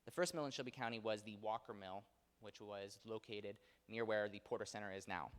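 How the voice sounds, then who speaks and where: A man's lowish, steady voice comes across clean and a little fast. Speaking conversationally about local history, he leans on fillers and keeps revising what he says, all echoing with long reverb in a theater auditorium.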